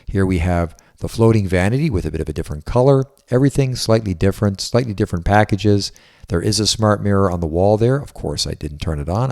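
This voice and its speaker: A man's voice: deep voice, creaky, darkish tone. A man giving an enthusiastic, chatty walkthrough tour of a house as a real estate agent. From Southwest Florida resident. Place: indoors in a house.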